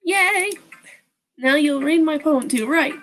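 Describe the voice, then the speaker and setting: High, giddy teen girl best friend, put on by a woman. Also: takes it slowly, a bit bright, soft background music.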